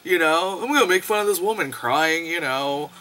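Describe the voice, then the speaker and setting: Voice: mid-range voice, expressive, normal speed, pushed and bright. A young adult movie reviewer giving a casual, profane, sarcastic rant and laughing often.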